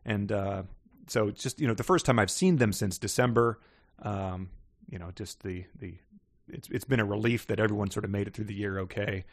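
A man's voice: lowish voice, a little fast. A man co-hosting a comedy podcast, rambling and joking, laughing often, recording from his parents' house. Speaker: podcast co-host. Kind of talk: casual comedic chat. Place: parents' house in North Carolina.

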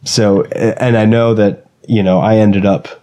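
Hiccuping man with a low, mellow voice. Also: little pitch movement, a little slow. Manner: hesitant, many fillers and restarts. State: has the hiccups. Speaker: podcast co-host and race driver. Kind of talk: casual chat. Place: in a bedroom.

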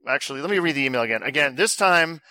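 A man's voice: on the high side, lively intonation, very fast, bright, forceful tone, no echo. A man co-hosting a casual podcast, loose and joking, swearing freely. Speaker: podcast co-host. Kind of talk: casual chat.

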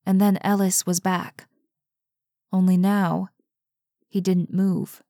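Slow, low-voiced woman narrator. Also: warm tone, no echo, studio quality. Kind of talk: audiobook narration.

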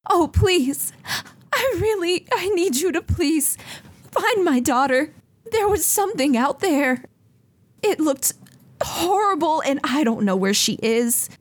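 A woman's voice: sits high, animated, takes it slowly, pitched above the performer's own voice. A woman voicing a distraught village mother who pleads tearfully for help finding her daughter. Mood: pleading.

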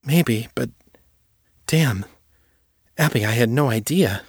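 A man's voice: medium pitch, lively intonation, slow pace, slightly rough, dry recording, clean studio sound, full character voice. A man reading aloud and voicing a shaken, tearful young woman who talks in pleading bursts. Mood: distressed.

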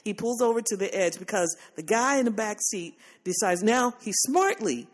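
Laughing, animated woman podcast host. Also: medium pitch, normal speed. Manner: animated storytelling, laughs often, acts out quotes. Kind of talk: casual chat.

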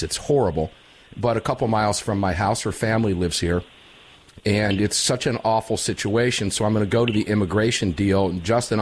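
A man hosting a talk radio roundtable, energetic and emphatic with a folksy way of talking. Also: lowish voice. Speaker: radio show host.

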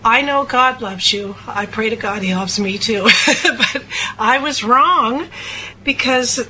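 A woman's voice: a little high, measured pace, bright, forceful tone, slight background noise, rough recording. A woman from Cape Breton co-hosting a radio show, talking in an emotional, rambling, confessional way. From Cape Breton, Nova Scotia, Canada. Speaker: co-host. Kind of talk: casual radio talk.

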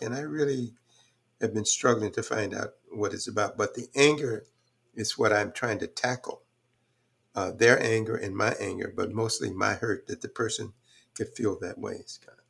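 Gravelly older man, slow and reflective. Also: fairly low pitch, fairly bright tone. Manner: measured, thoughtful, with frequent fillers. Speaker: podcast guest. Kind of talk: reflective conversational talk.

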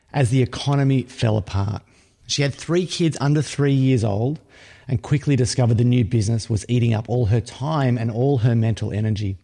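A man's voice: mid-range voice, gravelly, mellow. A middle-aged man hosting a podcast, reading an upbeat, emphatic scripted intro before chatting with his guest. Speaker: podcast host.

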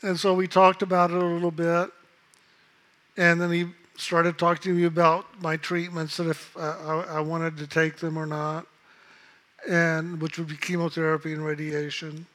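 A man calmly telling a personal story in a reflective, unhurried way, acting out the voices of others in it. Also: a little high. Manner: calm, unhurried, reflective, acts out quoted voices. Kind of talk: casual spoken storytelling.

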